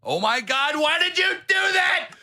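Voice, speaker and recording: A man doing a shrill, hysterical screaming voice that scolds someone, straining his throat almost to tears. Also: very animated, measured pace, pushed and bright, full character voice. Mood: shrieking scold. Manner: hysterical shrieking, near tears.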